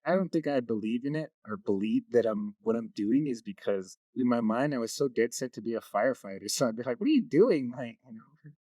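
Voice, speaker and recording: A man's voice: mid-range voice, fairly quick, hardly any pauses, dark tone, dry recording. A man, a community knowledge keeper, talking easily in an interview and telling stories. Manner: easygoing storyteller. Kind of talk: casual interview talk.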